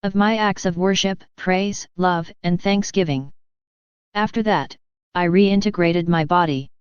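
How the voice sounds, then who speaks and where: Devotional diary reader, slow and earnest, very smooth voice, dull lo-fi sound. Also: medium pitch, dry recording. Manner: slow, earnest, measured reading. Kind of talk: devotional reading. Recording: dull lo-fi dry recording.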